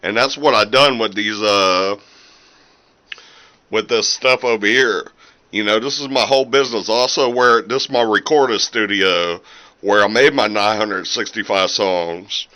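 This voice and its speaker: Here the same independent musician and small seller sounds on the low side, with a sharp tone and a measured pace, captured in low quality by his camera's built-in mic. Talking casually from his little home recording room, he keeps restarting, leans heavily on fillers, and is slightly winded.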